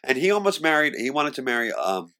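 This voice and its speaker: A middle-aged man telling candid stories in an interview, animated, laughing often and moving between loud and hushed. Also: medium pitch, brisk.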